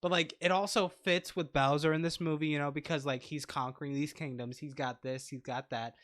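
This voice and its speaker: A man's voice: fairly high pitch, fairly even intonation, fairly quick, a bit bright. A man co-hosting a casual movie podcast, playful and rambling, often restarting his sentences. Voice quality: playful, rambling, self-interrupting. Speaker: podcast co-host. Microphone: lavalier microphone.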